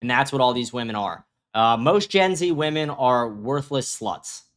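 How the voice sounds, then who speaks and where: Male show host, profane and mocking ranter, mid-pitched, commentary stream. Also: animated, normal speed, fairly bright tone. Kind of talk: reactive commentary livestream.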